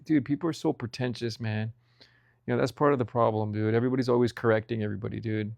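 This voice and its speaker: A man's voice: on the low side, little pitch movement, quick pace, darkish tone, clear, resonant tone, no room sound, clean studio sound. A young man vlogging about food in a rambling, profane rant, saying "dude" constantly. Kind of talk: casual ranting monologue.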